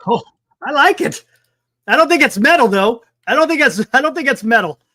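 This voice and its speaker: High, lively-voiced man chatting casually. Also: brisk. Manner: rambling, thinking aloud, mild swearing. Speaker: sports talk livestream host. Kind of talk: casual livestream chat.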